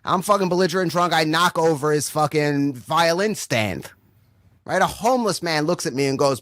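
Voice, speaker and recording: A man's voice: on the high side, animated, normal speed, fairly bright tone, no echo, studio quality. A young adult man doing a rambling stand-up set full of swearing, checking in with "right?" over and over. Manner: rambling, swears constantly, says "right?" often. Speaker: stand-up comedian.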